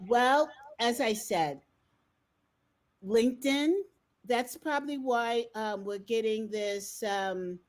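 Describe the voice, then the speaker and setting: A woman's voice: medium pitch, darkish tone. A woman hosting a live-streamed talk show, chatty and bubbly, laughing easily as she greets viewers and introduces her guest. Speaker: host. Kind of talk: casual live-stream chat.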